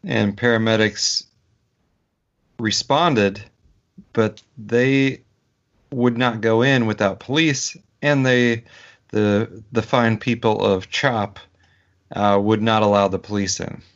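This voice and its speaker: Slow-talking low-voiced podcast man. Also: steady tone. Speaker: podcast co-host. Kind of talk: casual political podcast chat. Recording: dull lo-fi podcast audio.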